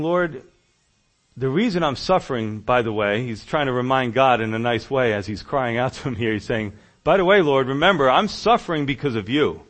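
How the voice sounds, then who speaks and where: A male pastor preaching a sermon, reading scripture and rising emphatically as he voices a prophet's prayers. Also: on the high side. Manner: preaching with emphatic rises when voicing Jeremiah's prayers.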